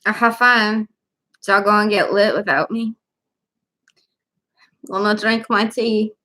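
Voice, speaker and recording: A woman's voice: mid-range voice, little pitch movement, slow, pushed and bright. A young woman from Louisiana hosting a casual livestream, chatting laid-back with viewers and answering their comments. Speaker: livestream host, writer.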